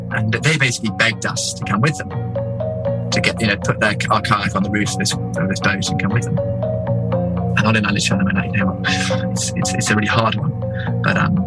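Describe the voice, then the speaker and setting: A man, an explorer telling an expedition story with animated asides and many fillers. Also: lowish voice, low-quality recording. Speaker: explorer guest. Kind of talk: casual storytelling.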